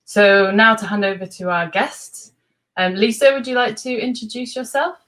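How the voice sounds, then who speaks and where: Measured woman hosting an online talk. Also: a little high, fairly even intonation, a bit bright, low-quality recording. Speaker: host.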